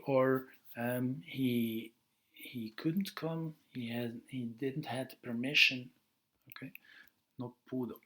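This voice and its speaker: A male language teacher who talks slowly and patiently in a mid-range voice. He stops often to correct himself and says "uh" and "huh?" a lot as he walks through verb forms. His delivery is that of a relaxed recorded class lesson. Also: medium pitch. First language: Dutch. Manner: explains patiently, slow pace with many fillers and self-corrections.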